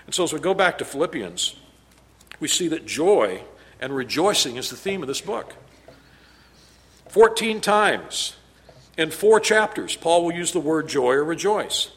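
A man preaching a sermon as pastor, emphatic, his loudness rising and falling as he drives points home. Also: fairly high pitch, very animated, measured pace, pauses often.

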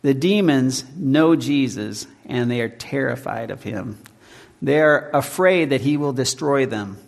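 A man's voice: mid-range voice, expressive, gravelly. Preaching man in a reverberant hall. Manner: measured preaching, slows to read scripture and hymn lines. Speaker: pastor. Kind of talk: sermon.

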